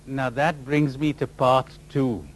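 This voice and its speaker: With a medium-pitched voice and fairly even intonation, a spiritual teacher talks slowly to a live audience. He teases them through rhetorical questions and now and then mimics other people's voices.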